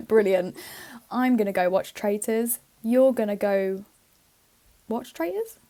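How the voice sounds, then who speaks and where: A woman's voice: medium pitch, slow, warm tone. A woman co-hosting a podcast, chatting playfully, laughing often and swearing casually as she reads out a list. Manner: giggly, playful, swears freely. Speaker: podcast co-host. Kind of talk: casual chat, reading out a list.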